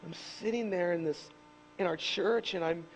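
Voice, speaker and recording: High-voiced pastor preaching with animated stories. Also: male voice, moderate pace, a little hiss or hum, poor audio. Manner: animated storytelling, shouts on key points. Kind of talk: sermon. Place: church.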